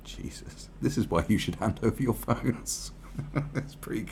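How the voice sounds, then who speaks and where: A man's voice: on the low side, animated, a little slow, vocal fry, darkish tone, a little hiss or hum. A man giving profane, rambling, sarcastic commentary on a news article.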